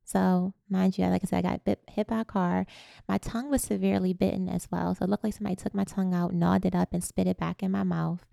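A woman guest recounting a personal story in conversation, animated and laughing at times. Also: lowish voice, fast, creaky, no room sound, clean studio sound. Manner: animated, laughs while telling stories. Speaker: podcast guest.

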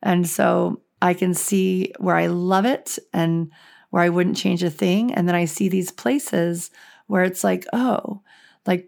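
Woman, podcast host, raspy, hoarse, gravelly, low-pitched, chatty monologue. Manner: chatty and reflective, with frequent "like" fillers. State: hoarse, voice going.

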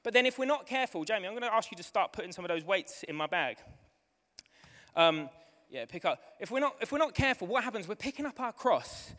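A man preaching a sermon to his church, excitable and building to fervent shouting, with a live demonstration. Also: high-pitched, fast. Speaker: pastor. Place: church hall. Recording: long hall reverb with music behind.

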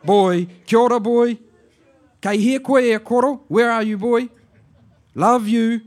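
A man doing a loud, laughing old auntie. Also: very high-pitched, measured pace, voice pushed up. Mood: teasing. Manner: loud, laughing, mixes in Māori words. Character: boisterous elderly aunt, loud and teasing. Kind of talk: comic voice in a spoken-word poem.

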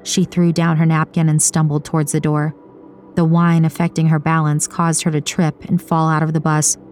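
Woman, audiobook narrator, low pitch, steady storytelling, faint music behind. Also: moderate pace. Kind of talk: scripted narration.

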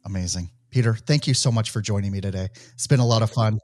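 A man's voice: lowish voice, fast, darkish tone, dry recording, studio quality. A man with a Midwestern accent hosting an interview podcast, chatty and full of "you know" fillers. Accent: Midwestern American. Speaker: podcast host.

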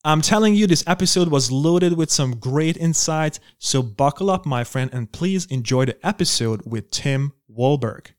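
A man's voice: fairly high pitch, lively intonation, moderate pace, hardly any pauses, no echo, studio quality. A man hosting a podcast, introducing the episode and interviewing his guest with enthusiasm. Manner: enthusiastic, promotional. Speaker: podcast host.

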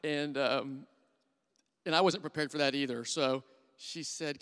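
A middle-aged man preaching a sermon, telling personal stories earnestly and dropping to a hushed voice when he quotes his own thoughts. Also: medium pitch, moderate pace, pauses often. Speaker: church elder preaching. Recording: long hall reverb.

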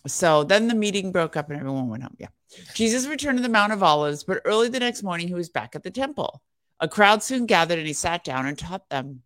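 A woman's voice: on the low side, animated, fairly quick, a bit bright, dry recording. Woman reading scripture, close and dry. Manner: earnest reading voice, casual and chatty between passages. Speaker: podcast co-host reading scripture. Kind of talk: scripture reading and devotional chat.

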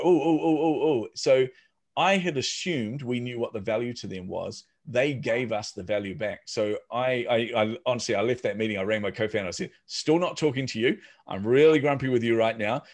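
This is a man, sitting for a podcast as a startup founder. His voice sits fairly low, and he tells his stories casually, slipping into the voices of the people he quotes. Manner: animated, acts out quoted voices. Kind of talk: casual storytelling.

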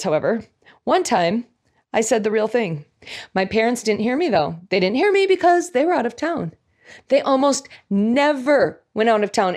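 A middle-aged woman tells a personal story during a devotional talk, chatty and reflective, laughing at herself and sometimes losing her thread. Her voice is fairly high in pitch with a darkish tone.

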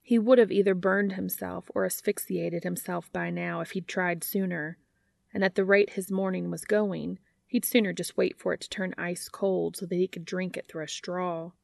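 Gravelly woman reading fan fiction. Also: fairly low pitch, steady tone, moderate pace, darkish tone, no echo, clean studio sound. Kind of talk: read-aloud fan fiction narration.

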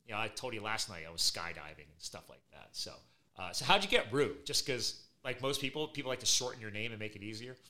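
A man's voice: fairly low pitch, fast talker. A middle-aged man hosting a podcast, chatting casually and telling stories with energy and laughter. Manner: energetic, animated storytelling with laughs. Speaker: podcast host.

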